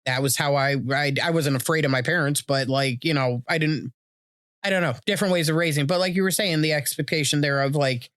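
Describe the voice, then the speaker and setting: Animated, foul-mouthed woman co-host. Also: sits low, brisk, dry recording, clean studio sound. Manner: animated, profane, acts out quotes. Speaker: podcast co-host. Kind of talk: casual chat.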